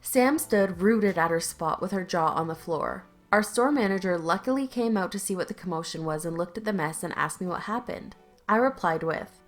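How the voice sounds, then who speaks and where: A woman's voice: fairly low pitch, a little fast, faint music behind. A woman narrating online stories aloud in a conversational, lightly sarcastic reading style, with casual asides. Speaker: YouTube story narrator.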